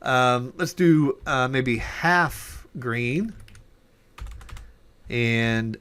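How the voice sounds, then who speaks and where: A man's voice: medium pitch, extremely slow, a bit bright, clear, resonant tone. Man talking through code as he types. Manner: thinking aloud while typing, many fillers and self-corrections. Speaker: programming instructor. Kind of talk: casual coding tutorial.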